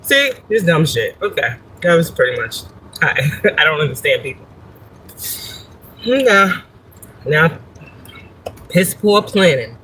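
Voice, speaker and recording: A woman's voice: sits low, sing-song, a little slow, long pauses, fairly bright tone, a little hiss or hum, rough recording. A woman hosting a casual livestream from her parked car, chatting, swearing and laughing as she tells a story. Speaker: spiritual reader and livestream host.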